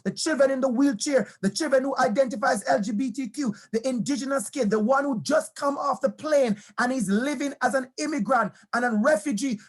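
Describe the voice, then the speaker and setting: A man giving a motivational talk to teachers, weaving in personal stories, emphatic and repeating key phrases, asking questions and speaking straight to his audience. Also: very high voice.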